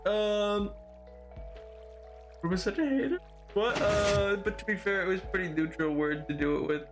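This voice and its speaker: A man streaming live, chatting casually in a rambling, excitable way full of fillers and restarts. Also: high-pitched, moderate pace, loud music behind the voice.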